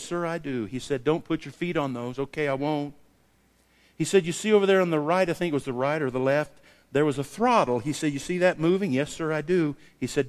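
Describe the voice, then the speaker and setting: A man preaching a sermon, telling a personal story and acting out the dialogue with lively variation. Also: on the high side. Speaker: pastor. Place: church sanctuary. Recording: long hall reverb.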